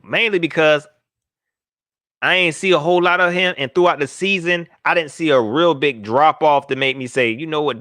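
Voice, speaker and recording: A man hosting a live call-in sports show, animated and slangy, joking as he reads viewer comments aloud. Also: medium pitch, no echo, clean studio sound. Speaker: sports podcast host.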